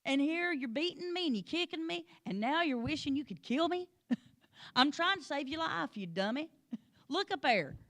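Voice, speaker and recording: A woman's voice: high voice, animated, normal speed, fairly bright tone, voice pushed up. A woman voicing a frightened talking donkey that pleads with and scolds its rider. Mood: pleading. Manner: pleading, exasperated.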